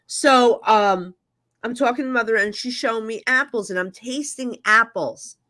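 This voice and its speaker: A woman guest, a psychic medium, telling stories in a casual interview and acting out the dialogue with quick asides. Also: fairly high pitch, pushed and bright.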